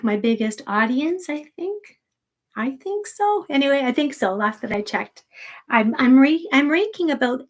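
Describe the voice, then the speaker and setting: A woman hosting a livestream, chatting casually with viewers in a soft, rambling way, grieving and holding back tears. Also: fairly high pitch. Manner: soft-spoken, rambling with many restarts. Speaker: sleep story channel host.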